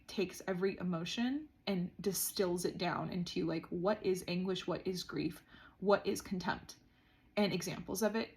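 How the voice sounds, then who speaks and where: A woman talks to the camera in a reflective diary vlog while sitting on the floor indoors. Her voice sits in an ordinary middle register. She comes across as earnest, and "like" slips into her sentences often. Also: mid-range voice. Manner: earnest, frequent "like" fillers. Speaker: vlogger.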